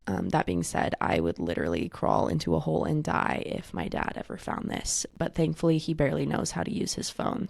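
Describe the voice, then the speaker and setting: Low gravelly woman, chatty podcast host. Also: lively intonation, a little fast, few pauses, a little mellow, no room sound. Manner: chatty gossip, quoting herself with "I'm like". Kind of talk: casual chat.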